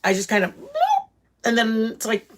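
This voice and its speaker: A middle-aged woman hosts a casual livestream, chatting with her live viewers in a somewhat high voice with flat delivery and a moderate pace. She's blunt and rambling, full of fillers and restarts.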